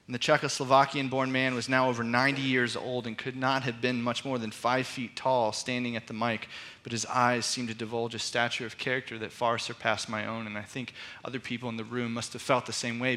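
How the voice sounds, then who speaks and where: A man preaching a sermon as pastor, telling a story earnestly and reflectively and slowing down for emphasis. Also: mid-range voice, pushed and bright.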